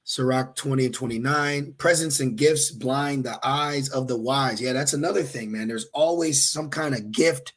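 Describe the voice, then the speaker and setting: A man with a husky, somewhat breathy voice gives an informal scripture teaching at an ordinary pitch for a man. He reads verses aloud, then explains them in a loose conversational way, often checking in with his listeners. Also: normal speed, hardly any pauses, a bit bright. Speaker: preacher.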